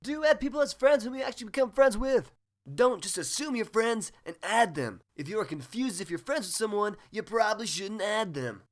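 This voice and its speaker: A man playing a smug, high-voiced spoof anchorman. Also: lively intonation, a little fast. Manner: cheesy anchorman patter, boastful. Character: smug, self-obsessed male spoof-news host. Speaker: host. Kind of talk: comedy sketch acting.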